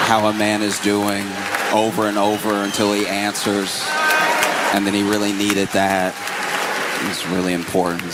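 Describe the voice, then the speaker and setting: A man performing stand-up comedy, rambling loosely, laughing, and slipping into characters. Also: fairly low pitch. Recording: live venue, long reverb, audience noise.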